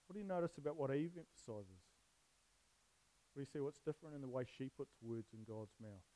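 A man's voice: mid-range voice, animated, fairly quick, dark tone, low-quality recording. A man preaching on a Bible passage in a casual, jokey way, often putting questions to his listeners. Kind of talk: casual sermon with questions to the audience.

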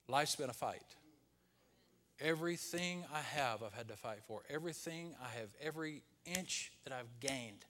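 Man preaching with loud swells. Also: medium pitch. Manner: preaching with loud peaks and hushed, whispered quotes. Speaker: pastor. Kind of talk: sermon.

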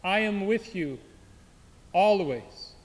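A man voicing a calm divine inner voice, speaking slowly and solemnly. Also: sits high, heavily acted. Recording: long hall reverb.

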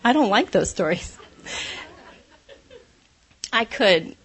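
A woman's voice: medium pitch, expressive, takes it slowly, a bit bright, husky. A woman giving a conversational devotional talk, candid and self-deprecating, laughing often as she speaks.

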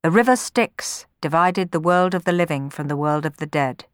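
Woman storyteller, clear expressive reading, lowish voice, dry close sound. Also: normal speed, no echo. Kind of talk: storybook narration.

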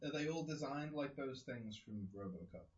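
A man's voice: medium pitch, expressive, normal speed, lo-fi sound. A man in a casual film chat who makes teasing wisecracks and interjections.

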